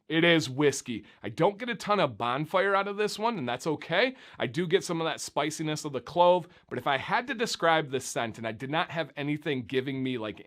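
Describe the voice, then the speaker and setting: A young man from Michigan, USA, reviews beard oil in a casual vlog, speaking straight to the camera. His voice is a little higher than most men's, and he's chatty and animated.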